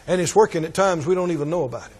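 A man preaching a sermon, animated and rising to emphatic, shouted points. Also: on the high side, very fast, breathy edge.

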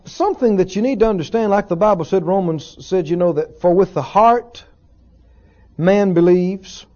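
On a lo-fi, dull-sounding recording, a preacher with a high, mellow male voice teaches his congregation at a church service. He speaks at normal speed, earnest throughout, returning again and again to repetition and rhetorical questions.

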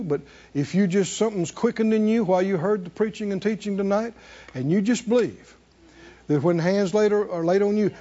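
A man's voice: sits high, lo-fi sound. A man preaching a sermon in a church, calling on the congregation to answer back. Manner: animated call-and-response preaching. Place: church sanctuary.

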